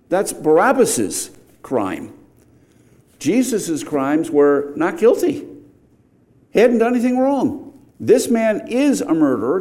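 A middle-aged man teaching through a passage in a sermon, with a mellow, relaxed tone. He explains calmly in a lower register, then pushes up into loud, emphatic questions when a point lands. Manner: explanatory, rising to emphatic outbursts on key points. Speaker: preacher. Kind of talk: verse-by-verse sermon.

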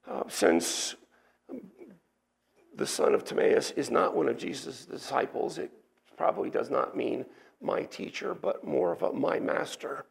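Gravelly preacher walking through a passage. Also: male voice, mid-range voice, sing-song, measured pace. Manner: explanatory, teacherly, with restarts and asides. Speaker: pastor. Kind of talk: expository sermon.

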